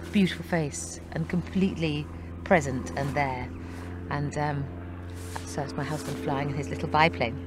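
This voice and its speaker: A woman's voice: lowish voice, background noise. Chatty, good-humored woman in an interview. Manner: chatty and good-humored, often breaking into laughter. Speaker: actress interviewed about her film. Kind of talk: press junket interview.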